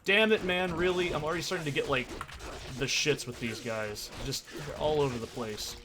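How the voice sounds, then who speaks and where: A man's voice: medium pitch, fairly quick, background noise. A young man ranting and swearing through casual commentary on his gameplay, with sarcastic asides. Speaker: let's play host.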